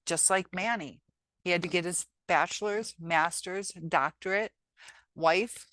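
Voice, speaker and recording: Earnest woman with a low, dry voice. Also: unhurried, fairly bright tone, dry recording. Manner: earnest, encouraging, reflective. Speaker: teacher and healing vlogger. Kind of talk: casual motivational vlog talk.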